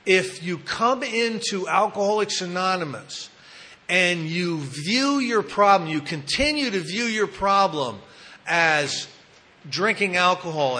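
A man's voice: high voice, sharp tone. A man giving a personal recovery talk, telling his story candidly with self-mocking humor. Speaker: recovery speaker at a support meeting.

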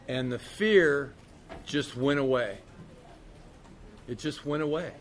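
A man's voice: mid-range voice, slow pace, long pauses, a little hiss or hum. A man candidly telling a recovery story in a casual, profane way, peppered with "man" and "you know". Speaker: speaker sharing his recovery story.

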